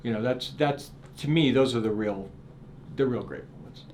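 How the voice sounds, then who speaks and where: A man's voice: mid-range voice, normal speed, darkish tone, a little hiss or hum. Earnest middle-aged man telling stories. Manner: earnest, repeats words when starting sentences. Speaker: author and guest. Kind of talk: reflective storytelling interview.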